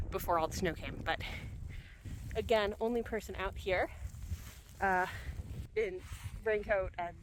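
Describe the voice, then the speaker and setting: Woman narrating her own ski trip to camera, casual and chatty with frequent laughs, winded, faint outdoor wind noise behind her. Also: lowish voice. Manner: chatty and upbeat, laughing often, many fillers. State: out of breath from skiing. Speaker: solo backcountry skier filming herself. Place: outdoors on a snowy mountain trail.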